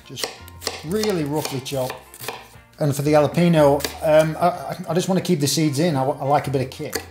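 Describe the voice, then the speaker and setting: Brief: upbeat Yorkshire cook, a touch high-pitched, roomy kitchen sound. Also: male voice, brisk, noisy background. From Yorkshire, England. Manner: chatty and upbeat, talking through each step. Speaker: chef and cooking show host. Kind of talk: casual cooking video narration. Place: home kitchen. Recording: echoey kitchen with faint music. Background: faint background music.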